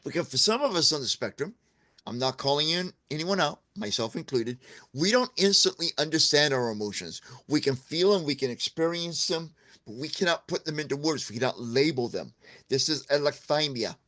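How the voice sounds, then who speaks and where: A man's voice: fairly high pitch, expressive, fairly quick, sharp tone. A man hosting a video, giving earnest, candid advice in a casual way, often checking in with "okay?" and drawing on his own life. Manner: candid, shares personal examples. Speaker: vlog host giving marriage advice. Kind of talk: casual advice talk to camera.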